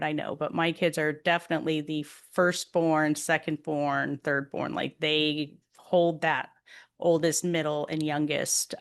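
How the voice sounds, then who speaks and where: A middle-aged woman hosting a podcast, telling personal stories in a candid, earnest way and speaking straight to listening moms. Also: low voice. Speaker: podcast host and life coach. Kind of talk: personal storytelling monologue.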